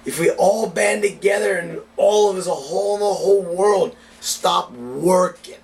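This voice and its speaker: A man's voice: high-pitched, unhurried. A man ranting heatedly and with a lot of swearing in a casual vlog monologue as a cigar reviewer. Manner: profane, heated political rant. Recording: distant mic with faint background noise.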